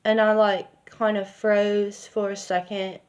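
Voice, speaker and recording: A woman's voice: medium pitch, flat delivery, slow pace, a little mellow, muffled recording. A woman telling a personal story in a casual, rambling way with lots of fillers. She speaks candidly and swears now and then.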